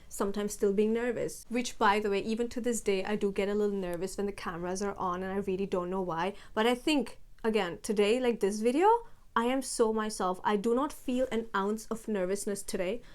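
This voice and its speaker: A young YouTuber talks casually to her phone camera for a vlog in a heavier, low voice. Her delivery is slow, steady and deliberate, sprinkled with fillers like "like" and "you know".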